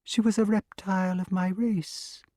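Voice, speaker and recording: A man voicing a patient old male grass snake with a sing-song, gently affectionate way of talking, in an audiobook. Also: high-pitched, little pitch movement, measured pace, no echo, voice pushed up. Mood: patient, musing. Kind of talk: audiobook character reading.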